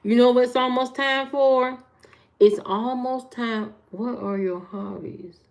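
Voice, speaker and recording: A woman's voice: on the high side, slow pace, darkish tone. A woman from the American Midwest hosting a livestream, chatting casually with viewers, repeating herself and answering comments. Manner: chatty, repeats herself, talks to chat by name. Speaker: livestream host.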